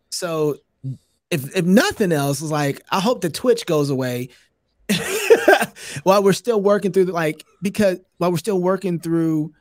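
A man talking as a podcast host, casual and animated, often breaking into laughter and restarting his thoughts. His voice sits a bit high for a man, and the sound is close and dry with no room around it. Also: no room sound. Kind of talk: casual chat.

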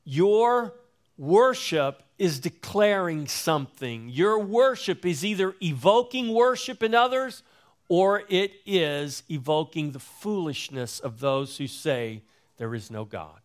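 A man preaching in a measured, deliberate sermon voice that sits a little higher than most men's. He lingers on his words and repeats key phrases for emphasis. His voice climbs, then sinks low and quiet at the close of a thought. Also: expressive. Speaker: pastor.

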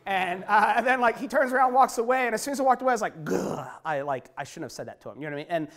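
A man who works as a street preacher, telling stories in a conversational interview, swinging from low and quiet to high and loud. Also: lively intonation, very fast. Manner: conversational, many fillers and restarts. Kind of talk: storytelling in an interview.

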